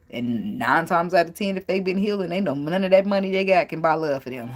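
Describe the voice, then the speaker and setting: A young woman reading tarot and giving blunt relationship advice in a casual, profane way, laughing often and wandering off on tangents. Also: lowish voice. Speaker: tarot reader. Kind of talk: casual spiritual advice talk.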